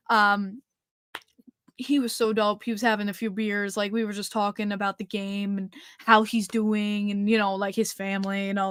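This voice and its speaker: A young woman hosting a casual livestream podcast, gushing and excitable, swearing freely as she chats. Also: mid-range voice, dry recording, studio quality. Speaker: podcast host.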